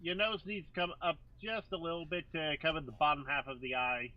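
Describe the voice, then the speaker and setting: High bright guy cracking deadpan jokes, muffled lo-fi call sound. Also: brisk. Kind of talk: casual group chat.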